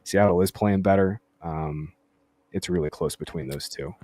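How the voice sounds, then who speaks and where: A man's voice: deep voice, fairly even intonation, normal speed, darkish tone, dry recording. A man hosting a casual sports podcast, reading out listener questions and answering them playfully. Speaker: podcast host. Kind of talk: casual live Q&A chat.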